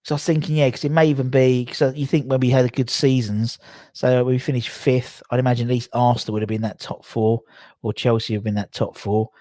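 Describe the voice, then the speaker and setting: A man's voice: medium pitch, fairly even intonation, a little fast, dark tone, no room sound. A man, chatting casually on a livestream, rambling and self-correcting as he reads out viewer comments. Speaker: livestream host.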